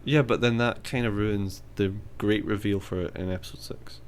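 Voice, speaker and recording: Low-voiced sweary Scottish man. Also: fairly even intonation, normal speed, a little hiss or hum. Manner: joking, sweary, banters and argues. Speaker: podcast co-host. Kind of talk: casual chat.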